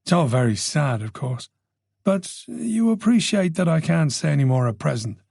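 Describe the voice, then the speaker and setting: A man's voice: on the high side, very animated, normal speed, gravelly, a little mellow, slightly rough, no room sound, heavily acted. A man voicing a reserved, polite middle-aged detective with dry, guarded replies in an audiobook.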